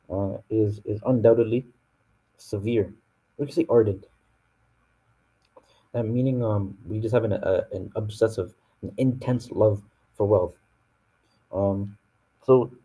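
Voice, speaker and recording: A man with a North American accent teaches verse by verse in a loose, easygoing classroom manner, pausing often to restart his sentences. His voice sits fairly low and sounds very dark and mellow, with a slightly husky edge. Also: poor audio. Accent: North American English. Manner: relaxed, full of fillers and restarts. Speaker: Quran teacher. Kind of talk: casual classroom explanation.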